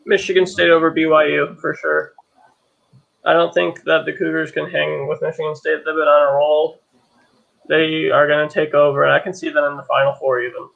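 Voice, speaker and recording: A man's voice: fairly high pitch, little pitch movement, a little fast, gravelly, highs cut off. A young man on a sports panel giving blunt, confident picks. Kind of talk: casual sports chat.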